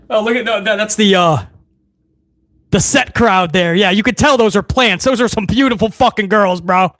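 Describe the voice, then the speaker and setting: A man's voice: sits high, measured pace, long pauses, a bit bright, dry recording. A man hosting a live wrestling watch-along stream, ranting bluntly and swearing freely in casual commentary.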